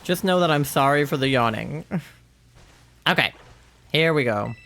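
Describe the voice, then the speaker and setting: A man's voice: fairly high pitch, animated, unhurried, creaky, pushed and bright. A young man livestreaming a game, chatting casually into a headset mic with a rambling, filler-heavy manner. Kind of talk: casual chat while gaming.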